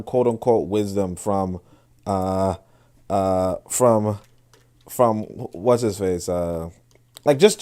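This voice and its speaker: A man's voice: mid-range voice, darkish tone. A man hosting a podcast, talking casually and rambling with many restarts and fillers while he reads and explains passages. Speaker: podcast host. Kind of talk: casual commentary with reading aloud.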